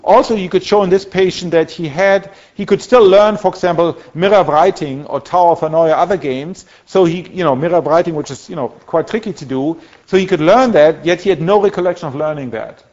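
A man's voice: on the high side, a little fast, few pauses, a little mellow, muffled recording. A man giving a university lecture in a conversational way, with many restarts and fillers as he corrects himself. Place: lecture hall.

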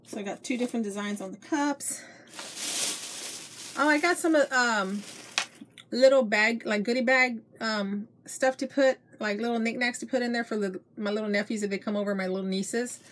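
A middle-aged woman with a drawl chats through her shopping haul from home, gushing over each find and calling out to her viewers. She talks at a middle pitch into a simple camera mic. A faint hiss sits behind her voice. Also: a little fast. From Texas. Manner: chatty, gushing, addresses viewers as you guys. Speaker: haul vlogger. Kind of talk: casual show-and-tell chat.

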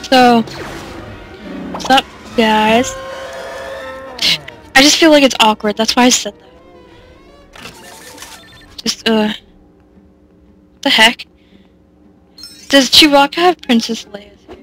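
A fairly high-voiced woman talks loosely over a game, wandering off topic and poking fun at herself. She fills pauses with "uh" and "like" and breaks into giggles. Soft game music plays faintly underneath. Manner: rambling, self-deprecating, giggly, many fillers. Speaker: let's play commentator. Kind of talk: casual gameplay commentary.

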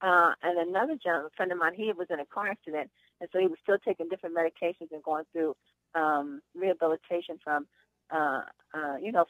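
A woman's voice: lowish voice, a bit bright, no echo. A woman hosting a conference call, telling chatty stories and giving upbeat sales encouragement over a phone line. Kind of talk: motivational sales talk with anecdotes.

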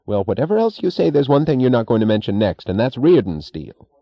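A man's voice: sing-song, a little fast, no room sound, dull audio. A man reading an audiobook voices a petulant, resentful middle-aged railroad executive with a whiny, defensive tone. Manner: whiny, defensive, raised pitch.

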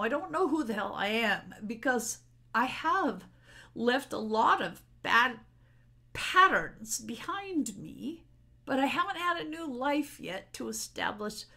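Middle-aged woman chatting off the cuff to camera, raspy fry in her voice, kinda higher pitched, rambly and open. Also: pushed and bright. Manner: rambling, candid and personal. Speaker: spiritual vlogger. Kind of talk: unscripted solo talk to camera. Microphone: camera mic.

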